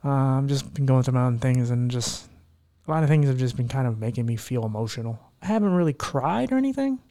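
Man, podcast host, earnest, heartfelt, rambling casual chat, mid-pitched voice. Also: expressive, a little fast, warm tone.

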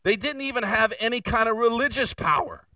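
Bright-voiced male pastor preaching. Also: very high-pitched, brisk, no echo, far from the mic, low-quality recording. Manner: preaching with rising intensity and candid confession. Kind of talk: sermon. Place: church sanctuary.

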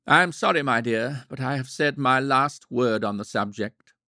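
Man doing a pompous, gruff middle-aged suitor. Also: medium pitch, moderate pace, sharp tone, no echo, studio quality, pitched above the performer's own voice. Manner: gruff and blustering.

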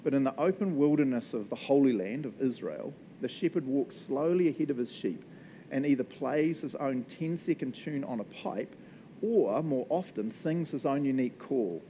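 A man's voice: mid-range voice, animated, moderate pace, mellow, a little hiss or hum, low-quality recording. A man, teaching the Bible in a casual, chatty way, often checking in with "right?" and laughing as he goes. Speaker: pastor.

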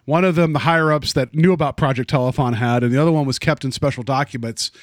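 A man's voice: mid-range voice, fast talker, no room sound, clean studio sound. A man casually discussing a movie on a podcast, joking and rambling with lots of fillers. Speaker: podcast co-host.

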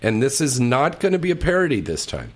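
A male radio host chatting casually and teasing his guests. His voice sits in a middle pitch and moves in a lively, animated way. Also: fairly quick. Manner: playful, teasing.

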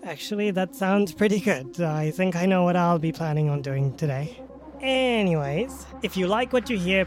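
A woman podcast host narrating her moves in a tabletop game, casual and rambling. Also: lowish voice. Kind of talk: tabletop role-play narration.

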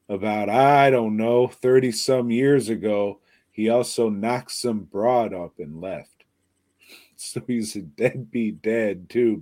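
A man's voice: fairly low pitch, mellow, dry recording. A man co-hosting a podcast in casual chat, retelling a movie in a rambling, profanity-laced way. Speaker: podcast co-host.

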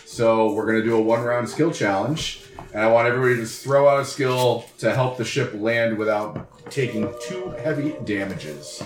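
Brief: male game master, mid-pitched, hesitant and chuckling, echoey room. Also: moderate pace, background noise. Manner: chuckling, hesitant with many fillers. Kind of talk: narrating a tabletop game.

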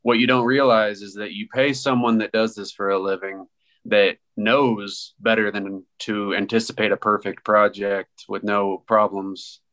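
A man from the contracting trade explaining things in a steady way during a casual conversation, slowing down to stress his points. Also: lowish voice.

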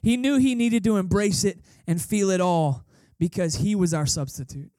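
Casual high-voiced preaching man. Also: normal speed, mellow, dry recording, studio quality. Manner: casual, storytelling, emphatic repetition. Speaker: guest pastor. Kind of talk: conversational sermon. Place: church service.

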